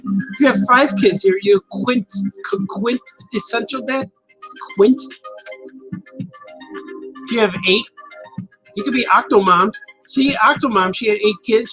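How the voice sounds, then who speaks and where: A man with a high voice spins a loose, playful story in a casual monologue. He rambles and chuckles as he goes. Music plays clearly beneath him. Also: bright, forceful tone, rough recording. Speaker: cartoonist telling a story.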